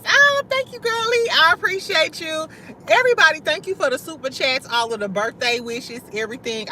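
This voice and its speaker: Faint traffic sits under the voice of a young woman from St. Louis, USA, hosting a casual stream for her viewers. Loud, bright and somewhat high, she speaks forcefully, laughs often, curses freely and talks in loose slang straight to her chat.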